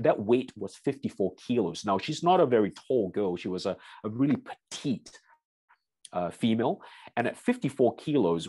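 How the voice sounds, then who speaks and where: A man with a somewhat low, husky voice lectures as a strength coach in a seminar. He speaks straight to his listeners and tells a client story in an easy, conversational way. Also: darkish tone, no room sound. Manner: storytelling, addresses audience as "you guys".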